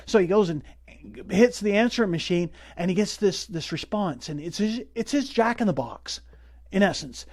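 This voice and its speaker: A male pastor delivers a sermon in a fairly high voice. He tells his story earnestly and leans on repetition to drive points home. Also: expressive, normal speed, a little mellow.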